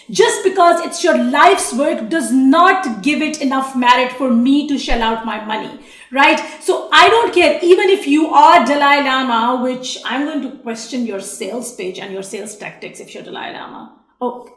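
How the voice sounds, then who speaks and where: A woman's voice: sits high, a bit bright, reverberant. A woman teaching sales copy in a blunt, sassy way, swearing casually as she goes. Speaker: online marketing coach. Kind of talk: talking-head teaching video.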